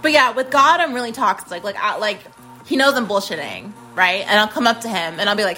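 A woman's voice: medium pitch, lively intonation, fairly quick, bright, forceful tone, faint music behind, poor audio. A woman hosting a casual solo podcast, rambling and swearing freely, often stuttering over repeated words. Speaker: podcast host.

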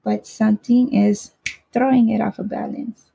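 A woman's voice: mid-range voice, flat delivery, moderate pace, gravelly, mellow, a little hiss or hum, poor audio. A woman casually telling a personal story in a rambling way, swearing freely and often asking "right?".

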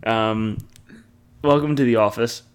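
A man's voice: lowish voice, a little slow, clear, resonant tone. A young man co-hosting a sports podcast in casual, rambling chat, laughing often. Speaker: podcast co-host.

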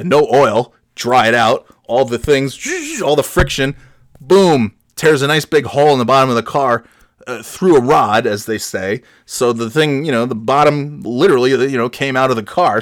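A man's voice: mid-range voice, a bit bright, no echo, clean studio sound. A middle-aged man hosting a podcast, telling a comic story in a rambling, self-mocking way that drops into mumbles. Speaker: podcast host.

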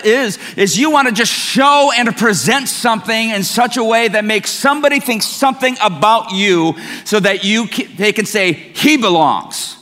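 A man's voice: high-pitched, bright, forceful tone. A middle-aged man preaching a sermon as pastor, telling stories in a conversational, self-mocking way. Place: church sanctuary. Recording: long reverb of a church hall.

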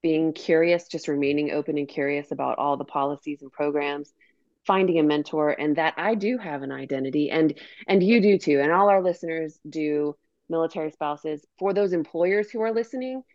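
A woman's voice: sits low, normal speed, darkish tone, dry recording, dull audio. A woman hosting a podcast, closing the interview with earnest thanks and appeals to listeners. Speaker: podcast host.

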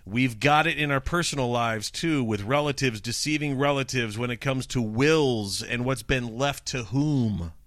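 A man co-hosting a talk podcast, joking with his partner, plugging the show and reading a Bible passage slowly. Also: mid-range voice, fairly bright tone, dry recording, clean studio sound. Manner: jokey, plugs the show, reads verses slowly. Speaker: podcast co-host. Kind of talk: casual chat and scripture reading.

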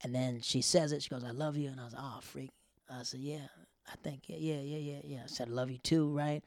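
Animated man telling a story, dry close mic. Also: brisk, no echo. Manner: animated, acts out quotes with sudden loud high bursts; drops to a near whisper for embarrassed asides. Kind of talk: casual storytelling.

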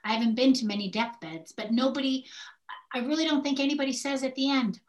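Older lady podcast cohost, kinda high voice, animated storytelling, acts out the quotes. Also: fast. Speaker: podcast co-host. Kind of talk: candid podcast conversation.

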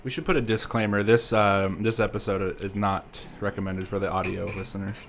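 Chill deep-ish podcast dude, dry teasing humor, low voice, casual talk. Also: male voice, little pitch movement, a little fast, gravelly, a little hiss or hum. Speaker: podcast co-host. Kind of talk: casual live-stream chat.

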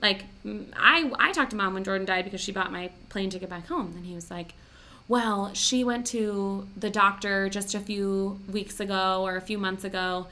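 A woman's voice: mid-range voice, normal speed, pushed and bright. A young woman hosting a podcast, telling a personal story in a chatty, emotional way full of "like". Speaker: podcast host. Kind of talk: casual podcast chat.

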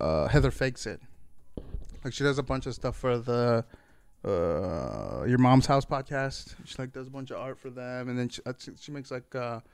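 A man's voice: mid-range voice, clean tone, no room sound. A man hosting his own podcast in a loose, rambling chat, full of fillers and casual swearing. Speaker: solo podcast host.

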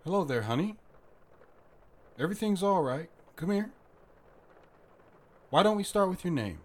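Warm-hearted butcher, husky voice, lively teasing lilt, acted by a man. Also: mid-range voice, moderate pace. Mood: gentle. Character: kindly middle-aged male butcher, playful and protective. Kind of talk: radio drama acting.

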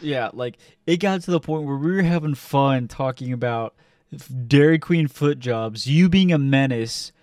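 Young man telling a story, loud and profane. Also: mid-range voice, normal speed, no room sound, clean studio sound, far from the mic. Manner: animated, profane, acts out quotes loudly. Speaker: podcast co-host. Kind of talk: casual storytelling chat.

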